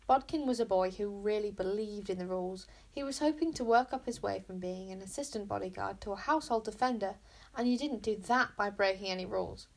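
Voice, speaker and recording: Gravelly woman reading a storybook. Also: mid-range voice. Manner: measured, expressive narration. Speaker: narrator. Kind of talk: storybook read-aloud.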